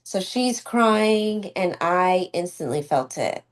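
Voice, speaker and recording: A woman speaks in a low, grounded voice in a relaxed podcast chat. She tells an emotional story from her work as a doula, emphatic and heartfelt. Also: takes it slowly. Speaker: doula and student midwife. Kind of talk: casual podcast conversation.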